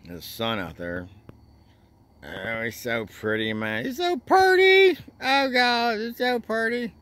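A man rambling through a casual vlog, drawling "man" and "oh God" constantly and jumping up to high excited squeals. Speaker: vlogger.

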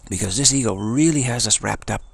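A man with a low, heavily gravelly and husky voice gives an earnest spiritual talk. He tells it like a story and circles back over his phrases for emphasis. The sound is close and dry. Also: fairly quick, no room sound. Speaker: spiritual teacher.

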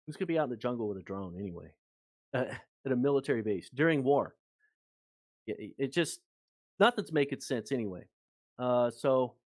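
Man, mid-pitch, casual rambling storyteller, dry close mic. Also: no room sound. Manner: rambling, animated anecdote with many fillers. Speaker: guest author and researcher.

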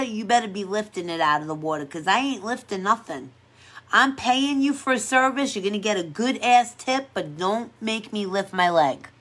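A woman's voice: fairly high pitch, bright, forceful tone. A woman who works as a pedicure technician, chatting casually on a livestream in a sassy, playful way and laughing often.

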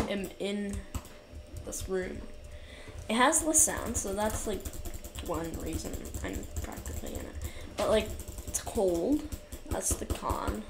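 A woman with a gravelly mid-range voice gives casual gameplay commentary from a cold basement room by a window. She rambles with lots of fillers, mocks herself, and gets frustrated easily. Her new USB desk mic picks up a roomy echo and noisy background.

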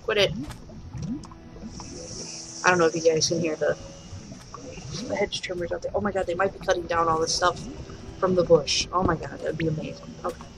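A woman's voice: fairly low pitch, fairly even intonation, fast, gravelly, background noise. A woman giving casual, chatty commentary while playing a game at home, swearing lightly and talking to the animals. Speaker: let's play host. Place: home room.

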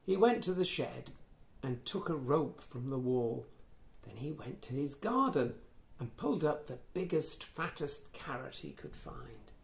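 A man reading a children's picture book aloud in a playful, animated way, with gasps and asides to the listener. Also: medium pitch, unhurried, vocal fry. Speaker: children's storyteller. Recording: echoey room.

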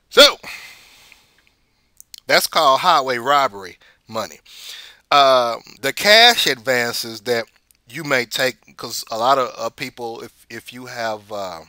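A man's voice: mid-range voice, animated, slow, long pauses, sharp tone, dry recording, studio quality. A man hosting a casual money commentary show, rambling and repeating words as he tells stories.

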